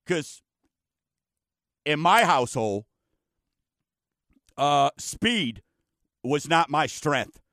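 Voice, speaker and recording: A man's voice: fairly high pitch, very animated, drawn-out words, pauses often, sharp tone, dry recording, studio quality. A man hosting a radio show, telling stories in a chatty, folksy way. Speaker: radio show host, mortgage lender. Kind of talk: casual talk show chat.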